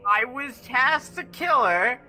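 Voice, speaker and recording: Bright, lively woman gamer. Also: high-pitched, takes it slowly, soft background music. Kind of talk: casual gaming chat.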